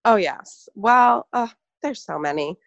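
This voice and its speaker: A woman in casual conversation, telling an animated story full of fillers and laughs. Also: medium pitch, unhurried, creaky, no echo, highs cut off. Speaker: podcast co-host, former barista. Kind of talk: casual chat.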